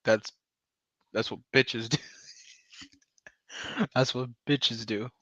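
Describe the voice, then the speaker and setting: A man's voice: medium pitch, flat delivery, slow, a bit bright, no echo. A man in his twenties chatting casually on a live voice call, rambling in slang with lots of "like" and "bro". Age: 20s. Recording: dull lo-fi mic.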